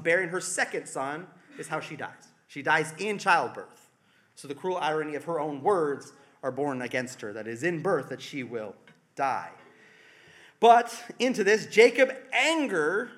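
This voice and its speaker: A man delivers a sermon in a relaxed, conversational way, with dry asides. His voice sits high and sounds bright and forward. When he quotes people, he gets louder and more pointed. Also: normal speed. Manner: conversational, wry, acts out quotes with rising emphasis. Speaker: preacher.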